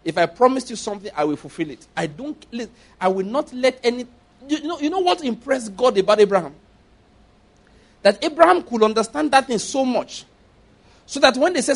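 High-voiced Nigerian preacher. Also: male voice, expressive, fairly quick. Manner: playful, acts out dialogue, laughs often. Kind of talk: sermon with acted-out stories.

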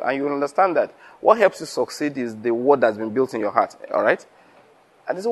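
A man's voice: on the high side, quick pace. A man preaching to fellow pastors, telling stories and acting out conversations, laughing often. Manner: lively storytelling, acts out dialogue, laughs often.

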